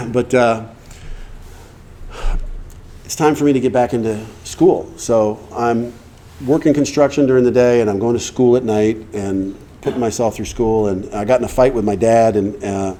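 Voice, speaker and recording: A middle-aged man telling his personal recovery story to a meeting, conversational, acting out the dialogue he quotes and clearing his throat often. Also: medium pitch, normal speed, warm tone.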